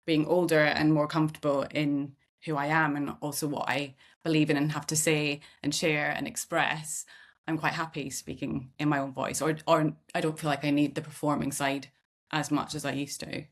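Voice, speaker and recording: A middle-aged woman from Scotland hosts a conversational podcast in a low voice. She talks candidly and thoughtfully, with self-deprecating humour, in a relaxed, reflective way. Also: normal speed. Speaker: podcast host.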